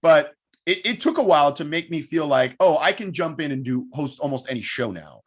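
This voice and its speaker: A man, a sports broadcaster guest, telling stories in a quick, animated way in a casual interview. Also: on the high side.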